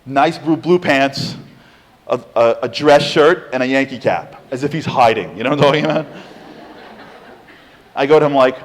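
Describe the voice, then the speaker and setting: A man giving an inspirational lecture with humor, an animated storyteller who fires off rhetorical questions to the audience in a large lecture hall. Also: a little high, a little fast. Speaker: speaker. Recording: long hall reverb.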